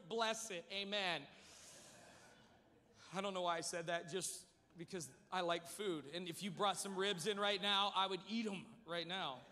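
A man preaching a sermon, telling a humorous story with lively energy in a large church. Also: extremely high pitch, big-room sound. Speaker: pastor.

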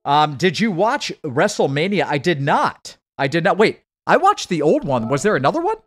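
A man hurriedly commenting on a live racing game stream and chatting with his viewers. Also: fairly high pitch. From United States. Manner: hurried, excitable, chats with viewers.

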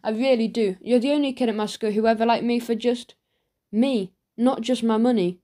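A woman's voice: a little high, normal speed, dark tone, natural voice. A woman reading an audiobook, voicing a lonely rich schoolboy who talks in an earnest, apologetic way.

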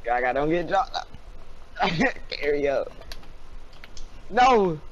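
A man playing a video game with a friend, loud and excitable, yelling and laughing as he reacts. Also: on the high side, extremely slow, muffled recording. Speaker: gamer. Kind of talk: excited gaming banter. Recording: loud background noise with clicks.

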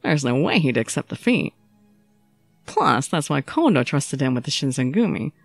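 A woman's voice: sing-song, normal speed, vocal fry, no room sound, faint music behind, heavily acted. Woman voicing a brooding, sickly young swordsman. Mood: reflective. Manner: low, subdued, teasing drawl. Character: young male samurai, ill, wry and brooding.

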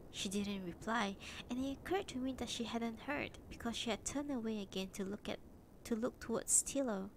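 Calm woman reading a story aloud. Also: a little high, moderate pace, slight background noise, poor audio. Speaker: reader.

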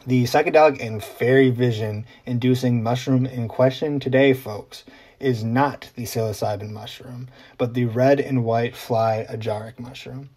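A man talks straight to camera as host of his own explainer vlog. His voice is mellow and warm at an ordinary middle pitch. He keeps it chatty, with ums and little asides. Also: steady tone, moderate pace, breathy edge. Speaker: journalist host.

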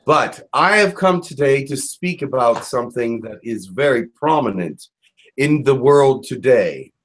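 A man's voice: mid-range voice, animated, unhurried, fairly bright tone, rough recording. Elijah, as a man channels a solemn prophet spirit. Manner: earnest, admonishing address.

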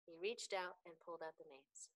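Book club storyteller, woman, clear and careful read-aloud. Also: on the low side, moderate pace, fairly bright tone, low-quality recording.

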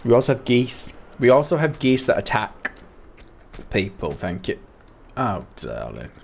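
A man's voice: mid-range voice, wildly swooping pitch, measured pace, vocal fry, a little mellow, a little hiss or hum. A British man chatting casually with viewers while he streams a game, greeting them by name and laughing often. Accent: British English. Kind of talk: casual live-stream chat while playing.

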